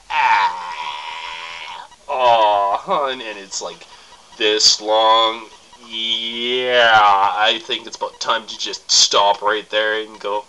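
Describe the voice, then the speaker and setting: A young man rambles through crude advice in a bright, tense voice, breaking off with coughs and laughs. The recording carries a faint background hiss. He sounds loose and unscripted. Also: fairly low pitch, poor audio. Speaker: vlogger giving sex tips. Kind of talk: casual to-camera advice.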